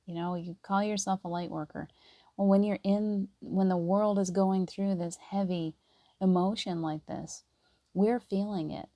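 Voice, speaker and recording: A middle-aged woman hosting a spiritual live stream, talking softly and earnestly and greeting viewers by name. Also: medium pitch, no echo.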